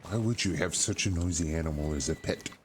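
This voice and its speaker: A man's voice: sits low, brisk, noisy background. A man playing a doctor in a game roleplay, chatting in an easygoing way. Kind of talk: in-character roleplay chat.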